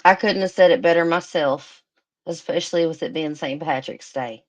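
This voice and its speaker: A woman's voice: low-pitched, moderate pace. A woman hosting a casual live stream, chatting and thinking aloud with emotion.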